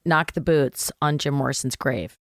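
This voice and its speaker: A woman guest telling an animated, self-mocking story in casual chat, swearing freely. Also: very deep voice, normal speed, no room sound, clean studio sound.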